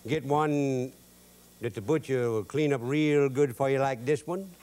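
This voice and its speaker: A man's voice: medium pitch, a little slow, a little mellow. A man with a Cajun accent hosting a cooking show, telling folksy stories in a drawl with loose Cajun grammar. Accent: Cajun Louisiana. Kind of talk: folksy cooking demo with jokes.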